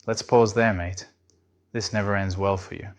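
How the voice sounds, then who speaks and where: Man reading a polite, deadpan AI assistant, low and calm. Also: moderate pace. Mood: calmly firm.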